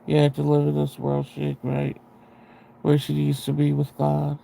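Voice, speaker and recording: A man's voice: fairly high pitch, monotone, unhurried, vocal fry, dark tone, a little hiss or hum. A man hosting a livestream, chatting casually with his viewers in a rambling way, restarting sentences and laughing at himself, into a sensitive close microphone. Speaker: livestream host.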